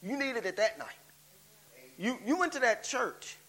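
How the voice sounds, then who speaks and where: A man's voice: very high-pitched, expressive, unhurried, fairly bright tone, low-quality recording. A man preaching as a guest in a church, driving his points with repeated rhetorical questions and calls of "come on". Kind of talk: sermon.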